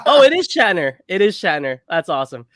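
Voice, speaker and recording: A man co-hosting a podcast in casual chat, talking in an excitable, rambling way. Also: high voice, brisk, over a noisy crowd. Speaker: podcast co-host.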